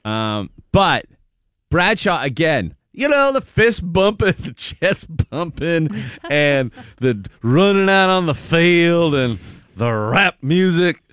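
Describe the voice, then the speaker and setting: Animated laughing sports radio host man. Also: on the high side, takes it slowly, clean tone, no echo, clean studio sound. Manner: laughing, animated, does mock impressions. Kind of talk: casual sports talk.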